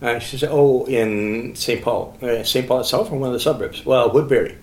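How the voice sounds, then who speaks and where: A man's voice: mid-range voice, normal speed, darkish tone, reverberant. A man talking casually as a guest, telling a long story with many fillers and acting out quoted dialogue. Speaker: guest, author and ministry founder.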